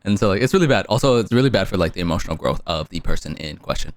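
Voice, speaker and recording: Low-voiced animated young man. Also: racing, dry recording. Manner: animated, swears freely. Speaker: podcast co-host. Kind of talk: casual chat.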